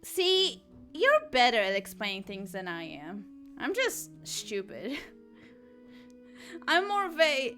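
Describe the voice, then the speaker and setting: A woman chats casually on a live drawing stream and laughs often while she answers chat. Her voice sits a bit high and sounds bright and crisp. She talks at a slow, unhurried pace with faint music underneath. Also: wildly swooping pitch. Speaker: art streamer.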